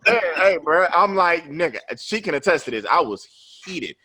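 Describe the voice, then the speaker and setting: A man's voice: a little high, big pitch swings, normal speed, pushed and bright. A man in his thirties, a podcast host, telling a personal story in loose, profane chat and tagging his lines with "you know what I'm saying".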